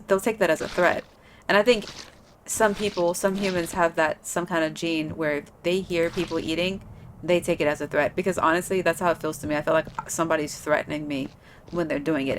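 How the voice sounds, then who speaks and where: A woman's voice: fairly low pitch, a little hiss or hum. A woman chatting casually while playing a game, rambling with lots of filler words. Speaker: gaming streamer. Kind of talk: casual gameplay chat.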